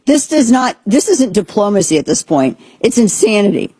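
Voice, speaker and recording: Husky-voiced sarcastic woman talk host. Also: mid-range voice, big pitch swings, normal speed, dark tone, dry recording. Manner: sarcastic, rambling, exasperated. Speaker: political talk show host. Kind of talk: opinionated political commentary.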